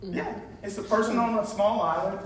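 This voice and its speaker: A man gives an informal presentation, full of fillers and easy laughter. His voice sits a little high. The sound comes from far off in a very reverberant room with faint noise behind. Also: fairly even intonation, normal speed. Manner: chatty, laughs often, many fillers. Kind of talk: informal talk with slides. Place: large echoey room.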